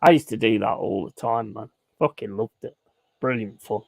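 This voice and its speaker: A man's voice: fairly low pitch, moderate pace, creaky, darkish tone, no room sound. A man telling crude, blunt stories in a casual chat while streaming a game. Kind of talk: casual sweary storytelling while gaming.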